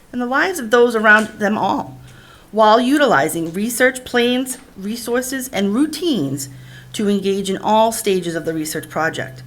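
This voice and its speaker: A woman, a district literacy administrator, reading a formal, measured presentation narration. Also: a little high, a bit bright.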